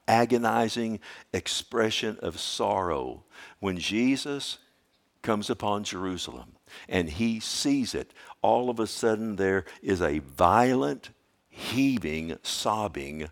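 Lowish-voiced man preaching a sermon. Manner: preaching, calls to the congregation with questions; swings between quiet explanation and loud emphatic stretches. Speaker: pastor.

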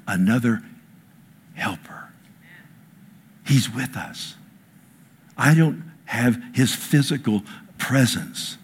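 Husky-voiced man preaching with dramatic swings. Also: mid-range voice. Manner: dramatic preacher, swings from loud declaring to hushed whispers; quotes scripture and asks the crowd for amens. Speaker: pastor. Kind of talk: sermon with audience interaction.

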